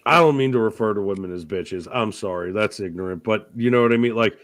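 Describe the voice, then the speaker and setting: A man hosting a casual podcast chat, telling rambling, profane comic stories with loud outbursts. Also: on the low side, quick pace, dry recording. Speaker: podcast host.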